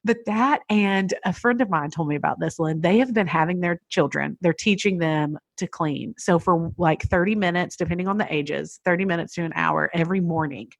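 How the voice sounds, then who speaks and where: A woman in her thirties, a podcast guest, chatting casually and telling lively stories about life at home. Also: lowish voice, brisk, vocal fry, few pauses, dry recording. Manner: lively, chatty storyteller who acts out what others said. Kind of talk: casual conversational storytelling.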